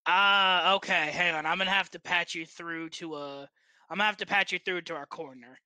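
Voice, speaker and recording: A game master narrating a tabletop game in a rambling way, with many pauses and restarts. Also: medium pitch, fairly even intonation, pushed and bright, dry recording.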